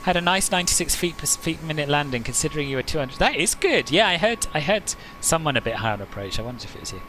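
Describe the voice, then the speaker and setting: A man's voice: a little high, animated, fast talker, pushed and bright, a little hiss or hum. A man hosting a flight simulator live stream, chatting casually, answering viewers' comments and laughing often.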